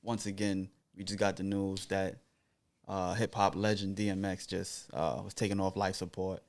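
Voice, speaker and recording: A man's voice: low-pitched, flat delivery, moderate pace. A man hosting a podcast, talking casually with friends and breaking into laughs. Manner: hype intro shouting, laughs often. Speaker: podcast host.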